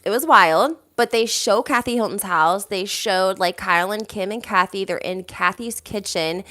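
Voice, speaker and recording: Reading viewer comments during an informal reality TV gossip chat, the female host sounds animated and talkative, with fillers throughout. Her pitch sits in the middle range and she talks at a normal speed.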